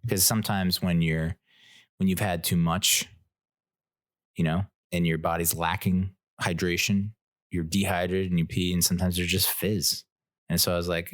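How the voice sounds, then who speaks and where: In a casual solo episode of his podcast, a host with a low voice and level tone speaks at normal speed. His rambling, self-deprecating story keeps him laughing at his own jokes, and the studio-quality audio has no echo.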